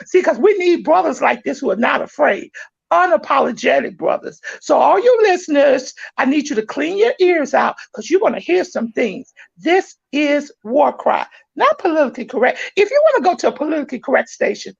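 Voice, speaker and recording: Loud, gravelly woman podcast host. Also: sits high, a little fast. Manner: loud, preachy, excitable. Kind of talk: fiery podcast monologue. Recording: dull lo-fi sound.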